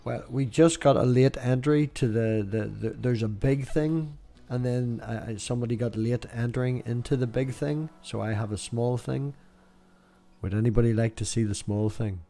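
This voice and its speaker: A man's voice: mid-range voice, normal speed, gravelly, dark tone. A man hosting a casual livestream video call, rambling with restarts and laughing at his own jokes. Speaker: livestream host. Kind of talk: casual group chat on a livestream.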